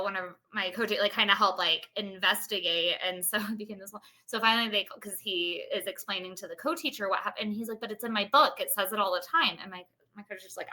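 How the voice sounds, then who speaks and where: Woman from Appalachia, bright tone, mid pitch, chatty teacher telling animated stories. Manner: animated storyteller, heavy use of "like". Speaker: podcast guest, elementary school teacher. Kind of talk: casual podcast chat.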